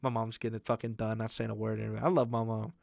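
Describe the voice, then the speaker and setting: A man's voice: on the low side, flat delivery, racing, vocal fry, a little mellow, no room sound, studio quality. Young man rambling, swearing casually. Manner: rambling storytelling, heavy swearing and fillers. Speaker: podcast co-host. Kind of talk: casual chat.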